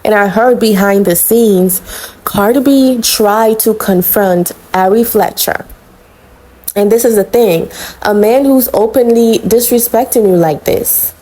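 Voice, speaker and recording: A woman runs a celebrity gossip channel, talking straight to her viewers with sass and blunt opinions. Her voice is mellow and warm rather than bright, in a casual, chatty delivery. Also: mid-range voice, measured pace, low-quality recording. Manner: sassy and blunt, calls viewers honey and girl.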